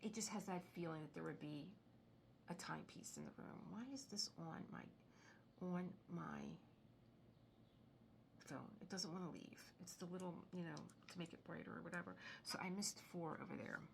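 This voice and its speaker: Middle-aged woman host, chatty and rambling, slightly low gravelly voice, noisy background. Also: normal speed. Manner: rambling, chatty, drifts into soft muttering. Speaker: craft video host. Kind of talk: casual chat while crafting.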